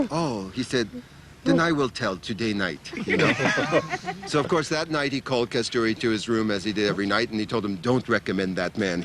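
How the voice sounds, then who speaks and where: An older American man telling a personal story to a group in a casual, animated way, laughing often and acting out the people he quotes. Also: mid-range voice. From United States. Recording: noisy room ambience.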